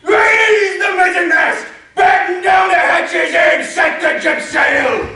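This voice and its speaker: Bellowing loony old uncle, shrill, slow, stage play caught from the back of an echoey hall. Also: female voice, steady tone, far from the mic, a faint crowd, exaggerated voice. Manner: bellowing, drawn-out shouts. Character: mad old uncle who bellows sea orders.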